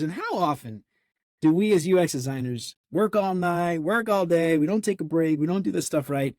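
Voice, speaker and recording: A fast-talking man hosting a podcast with an upbeat, gushing energy, his voice sitting a bit high for a man. The sound is close and dry, with no room around it. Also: animated, a little mellow, no echo. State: out of breath. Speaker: podcast host. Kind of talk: casual podcast chat.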